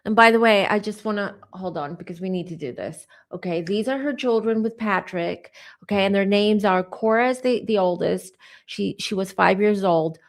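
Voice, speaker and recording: A woman's voice: mid-range voice, normal speed. Emotional woman giving a psychic reading. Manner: emotional, conversational, many fillers and asides. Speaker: tarot reader.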